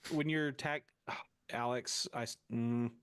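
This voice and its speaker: A man's voice: medium pitch, steady tone, slow pace, smooth, no room sound. A man co-hosting a woodworking podcast, joking in a mock-stern way. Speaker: podcast co-host. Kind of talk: casual banter.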